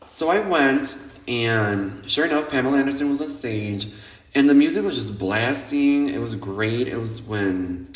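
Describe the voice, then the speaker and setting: A man in a middle pitch tells wild night-out stories on his podcast. He is loose and animated, swears freely, and jumps into the voices of the people in his stories. The room echoes noticeably around him. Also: unhurried. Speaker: podcast host. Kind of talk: casual storytelling monologue. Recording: roomy echo.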